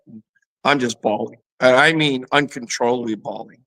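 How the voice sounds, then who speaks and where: In an interview, a middle-aged man who went from pro football to fitness training tells a frank personal story full of "you know" fillers. His medium-pitched voice is bright and forceful, fairly even, and a little fast, captured on a rough recording.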